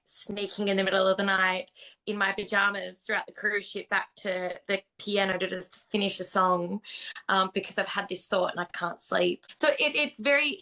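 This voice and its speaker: A woman's voice: mid-range voice, poor audio. A woman in her thirties with an Australian accent, a singer-songwriter chatting animatedly as an interview guest. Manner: chatty, animated, bursts into playful song. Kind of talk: casual interview chat.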